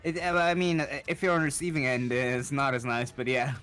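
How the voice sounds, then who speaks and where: A man chatting casually while gaming, joking and halting with fillers. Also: mid-range voice, a bit bright, clean tone. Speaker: fellow player.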